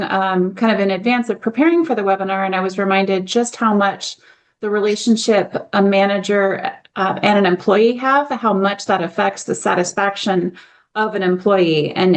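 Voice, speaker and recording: Polite woman moderating a webinar. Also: mid-range voice.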